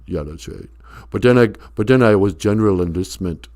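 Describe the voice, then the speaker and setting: A man's voice: sits low, a little fast, a little mellow. Man doing a mumbling punch-drunk action star. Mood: dazed.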